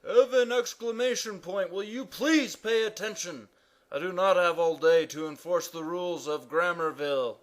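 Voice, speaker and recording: A man voicing a pompous, loud male king who proclaims grammar rules in an animated cartoon. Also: normal speed, natural voice. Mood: commanding. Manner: booming proclamations.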